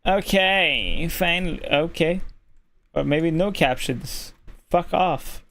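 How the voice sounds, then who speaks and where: High-voiced, foul-mouthed streamer guy. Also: drawn-out words, fairly bright tone. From Norway. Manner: profane, irritated ranting at chat. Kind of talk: casual live stream chat.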